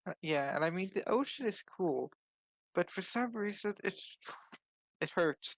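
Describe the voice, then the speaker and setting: A man in casual chat with friends, teasing and quick to poke holes in stories. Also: high-pitched, expressive. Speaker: co-host.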